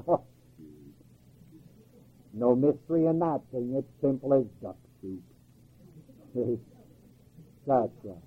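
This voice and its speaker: A man's voice: medium pitch, animated, takes it slowly, pauses often, husky. A man preaching a sermon in a folksy, emphatic way, firing rhetorical questions and chuckling at his own jokes. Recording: tinny phone-like old recording.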